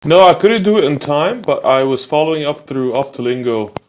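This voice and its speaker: A man's voice: a little high, lively intonation, brisk, highs cut off, a little hiss or hum. A male student answering the teacher on a video call, a bit apologetic. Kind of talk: casual reply in class.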